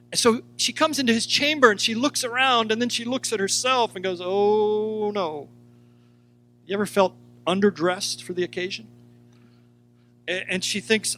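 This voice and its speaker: A man teaching a sermon in a high, lifted voice. He is animated, acts out the lines he quotes, and turns to talk straight to his listeners. Soft music sits faintly underneath. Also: moderate pace. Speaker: Bible teacher.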